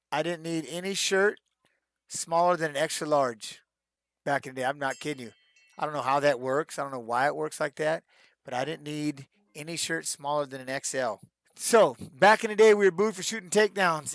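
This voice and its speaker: A middle-aged former fighter fields fan questions in a loose, conversational stream. His voice sits a little high for a man, and he livens his stories by acting out shouted lines. The sound is dry and close, with almost no room. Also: normal speed, dry recording. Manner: animated storyteller who acts out shouted quotes, peppered with "man". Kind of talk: casual live-stream Q&A.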